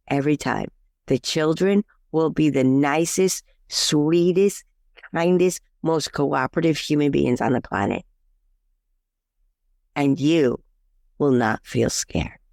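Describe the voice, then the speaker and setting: Her voice sits low with noticeable vocal fry, in a dry, clean studio recording. She's a life coach appearing as a podcast guest, talking in a chatty, casual way full of fillers and restarts while vividly acting out the quotes in her stories.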